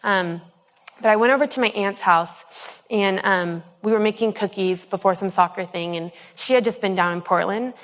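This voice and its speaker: A young woman in her twenties talks through a faith testimony in a loose, earnest way, stopping on ums and starting her sentences over. Her voice sits at a middling pitch for a woman. A long reverb trails behind her, as in a large hall. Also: normal speed. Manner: earnest, rambling, many ums and restarts. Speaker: speaker giving a personal testimony.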